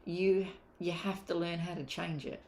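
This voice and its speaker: A woman's voice: on the low side, little pitch movement, unhurried, a little mellow. Candid woman coaching, roomy echo. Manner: candid, emphatic, swears casually. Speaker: mindset coach. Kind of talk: motivational online course talk.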